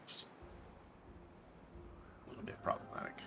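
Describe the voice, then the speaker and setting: A man's voice: normal speed, over music. A man casually commenting while playing a game on a live stream, thinking aloud, correcting himself and dropping jokey asides.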